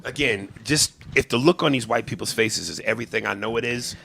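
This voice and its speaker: A man hosting a comedy podcast, talking in a profane, animated way and breaking into impressions. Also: medium pitch, a little fast, gravelly, slight background noise. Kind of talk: casual comedy podcast chat.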